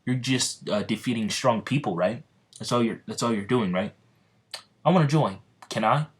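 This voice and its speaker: A man voicing a brash, loud young male ninja who boasts and challenges. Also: medium pitch, normal speed, close to an everyday voice. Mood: curious.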